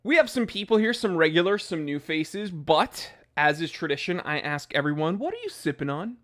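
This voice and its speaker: Young male stream host, slightly high voice, casual ranting and banter. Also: big pitch swings, normal speed, fairly bright tone. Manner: joking, ranting, reads chat names aloud. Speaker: watch channel host. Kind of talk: casual livestream chat. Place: home office.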